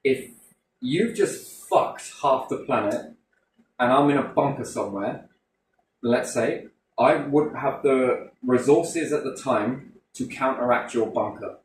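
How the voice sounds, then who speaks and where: A man rants loosely in casual chat, peppering his talk with swearing and rhetorical questions. His mid-range voice sits at a plain, ordinary pitch. He is recorded from a distance in an echoey room. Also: slow pace. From Britain. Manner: swears heavily, rambling, full of rhetorical questions. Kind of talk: casual conversational rant. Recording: roomy echo from a distant mic.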